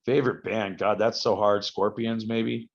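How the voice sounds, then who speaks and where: A man, a wrestler being interviewed, telling rambling stories with halting restarts. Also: lowish voice, fairly even intonation, vocal fry. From United States. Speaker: guest, professional wrestler. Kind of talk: casual podcast interview. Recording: slightly dull lo-fi audio.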